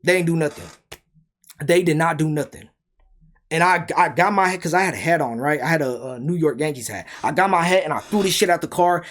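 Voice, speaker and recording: A man's voice: a little high, brisk, a bit bright. A young man telling a story in a casual rant, heated and emphatic, full of rhetorical questions. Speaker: storyteller vlogger.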